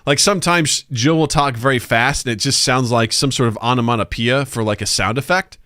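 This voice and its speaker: A man's voice: medium pitch, fairly quick, no room sound, studio quality. A man co-hosting a podcast in casual chat, telling stories and acting out voices, laughing often. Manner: animated storyteller, acts out voices, laughs often. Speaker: podcast co-host.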